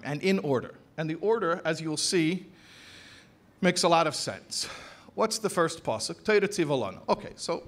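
A man in the role of a rabbi, giving a conference talk to educators. His voice sits a little high for a man, and he hammers his points by repeating phrases and drawing out key words. The delivery is emphatic and deliberate, a teacher building an argument step by step. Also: fairly bright tone. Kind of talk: conference lecture. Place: convention hall.

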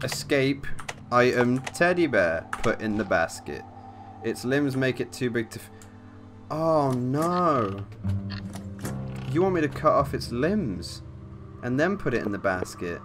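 Swearing man playing a horror game. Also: medium pitch. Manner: swears often, jumpy reactions, reads game text aloud. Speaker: let's play commentator. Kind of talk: gameplay commentary. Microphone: desk mic with facecam.

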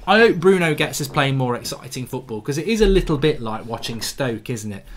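A man's voice: mid-range voice, expressive, a little fast, slight background noise. A man hosting a live football fan reaction stream in a blunt, sarcastic, ranting manner.

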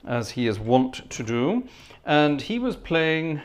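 A man's voice: a little high, sing-song, noisy background. A middle-aged man with a posh Scottish accent, chatting casually with viewers on a livestream and thanking them effusively. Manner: chatty, effusive, quick thanks like 'gosh' and 'splendid'. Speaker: livestream host and organist. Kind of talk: casual livestream chat reading the chat.

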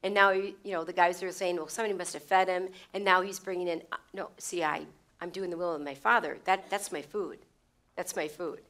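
A woman's voice: on the low side, steady tone, brisk, a bit bright. A woman teaching a Bible lesson in a conversational way, repeating phrases for emphasis and checking in with her listeners. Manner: conversational, with stumbles and restarts.

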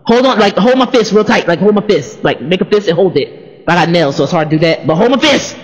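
A man, an artist, telling a personal story in a casual monologue, excitable and repeating phrases for emphasis. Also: high voice, quick pace, big-room sound, highs cut off.

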